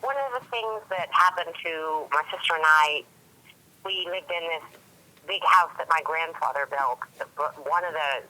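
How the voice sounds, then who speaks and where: A woman interviewee recalls a frightening night from her youth, breaking off and restarting as she goes. Her voice sits fairly low but sounds bright and forward. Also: rough recording. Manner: halting, restarting storytelling. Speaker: interviewee recalling a family story. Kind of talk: personal recollection.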